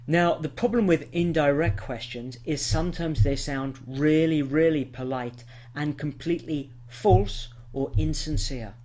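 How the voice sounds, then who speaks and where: A man with an English accent teaching an online English lesson, clearly explaining and modelling example sentences. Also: on the high side, a little slow, hardly any pauses, a little mellow. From England.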